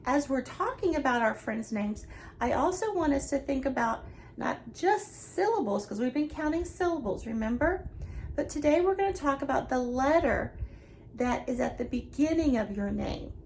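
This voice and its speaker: A woman teaches young children in a remote lesson from home, her voice high with a gravelly edge. She speaks slowly and cheerfully, the way a preschool teacher talks to little ones. A faint hiss sits under her voice. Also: animated, a little mellow. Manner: slow, cheerful, talking to children.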